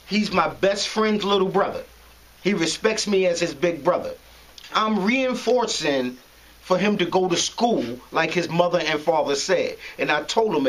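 A man from New to match, tells a story from the block in an easy interview. His voice sits high for a man, and he talks in animated, slangy bursts. He acts out every exchange and laughs along the way. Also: a little slow, slight background noise, poor audio. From New York. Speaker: interview guest telling a story. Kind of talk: casual street storytelling.

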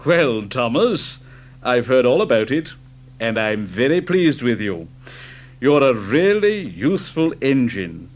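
A man voicing a fat, pompous older railway director in a storybook reading, speaking lower and slower.

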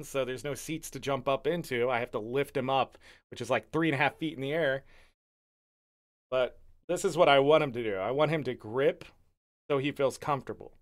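A male streamer chatting casually and warmly gushing about his pet during a live game stream. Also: mid-range voice. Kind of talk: casual livestream chat.

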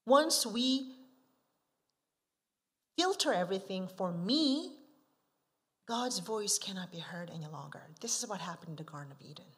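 Here a woman missionary gives a sermon in an expressive mid-range voice, at a moderate pace with frequent pauses. She often poses rhetorical questions to her listeners and swings from quiet asides to forceful emphasis on key words.

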